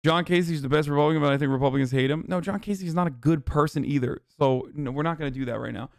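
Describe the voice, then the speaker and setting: A male livestream commentator rants fast and angrily about politics, swearing constantly and sneering at his chat. His voice is smooth and clear, pitched slightly high for a man, and the sound is close and dry. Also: no room sound. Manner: profane, heated, rapid ranting; mocks chat in a sarcastic high voice.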